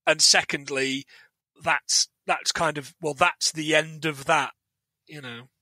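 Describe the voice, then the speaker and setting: A man talks through a film as a podcast guest, stammering and rambling. His voice sits a little high and sounds very bright and sharp, and it is recorded close and dry. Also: steady tone, slow pace, no room sound. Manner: rambling, stammers and repeats words. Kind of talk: casual film review chat.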